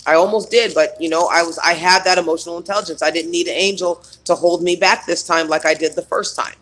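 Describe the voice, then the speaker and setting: A man's voice: fairly high pitch, steady tone, fast, a bit bright. A man coaching on trauma healing in a rambling, emphatic spiritual self-help monologue full of fillers.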